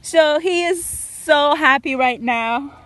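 A woman's voice: high voice, slow pace, fairly bright tone. A young woman vlogging at a park, cooing and baby-talking to her parrot with frequent laughs. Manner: coos and baby-talks to her bird, laughs often. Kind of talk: casual outdoor vlog talk. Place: park outdoors, windy day. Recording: outdoor wind and park noise.

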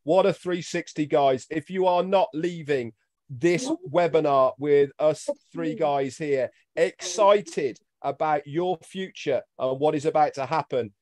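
A man co-hosting a webinar on a video call, quick and jokey as he gives shout-outs. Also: fairly high pitch, no echo, studio quality. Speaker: webinar co-host. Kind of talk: casual chat, shout-outs.

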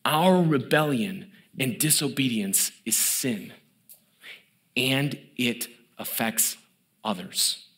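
A pastor in his thirties delivers a sermon with emphatic, building force, sinking into a low hush whenever he reaches a key word.

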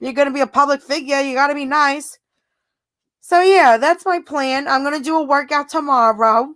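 A woman's voice: high-pitched, moderate pace, a bit bright. A woman chatting casually on a livestream, reading out viewer comments, giggly and laughing often, thanking viewers. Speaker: livestream host.

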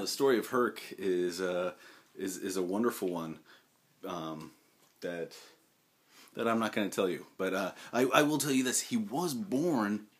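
A man talking casually to the camera at home in a rambling, halting way, full of fillers and restarts, sometimes turning to speak fondly to his dog. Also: deep voice. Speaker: vlogger.

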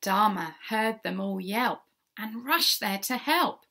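A woman storyteller reads a rhyming children's book in a slow, sing-song way. Her bright, crisp tone sits slightly high, with a gravelly edge of fry. She often asks her young listeners questions and sometimes drops into soft whispers. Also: expressive. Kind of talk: reading a rhyming picture book aloud.

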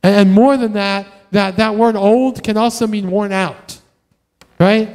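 A man preaching a sermon in a conversational, animated way, often tossing in "right?" to the congregation. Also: high voice, unhurried, smooth, big-room sound. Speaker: pastor. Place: church sanctuary.

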